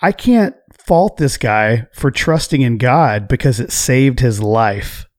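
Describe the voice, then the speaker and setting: A man's voice: mid-range voice, animated, slow pace, no room sound, studio quality. A man hosting a podcast, speaking directly and earnestly to his guest. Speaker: podcast host. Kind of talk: casual podcast talk.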